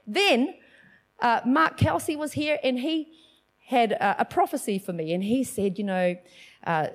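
A woman preaching a sermon, telling a personal testimony in a lively storytelling manner and acting out the voices of others. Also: on the high side. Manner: animated storytelling, acts out quoted voices.

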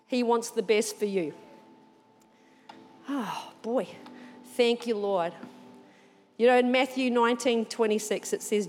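A woman preaching a sermon, slow and emphatic, repeating her phrases for weight. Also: on the high side, a little mellow, in a large hall.

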